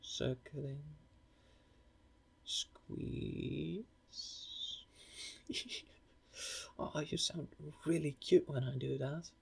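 Young man, intimate listener role-play; husky, unhurried delivery, playful, rambling, self-deprecating stammer. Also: fairly high pitch, fairly even intonation.

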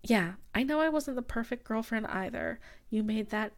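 A woman's voice: on the high side, lively intonation, normal speed. A young woman playing a bitter ex-girlfriend in an audio role-play, confronting the listener bluntly and swearing freely.

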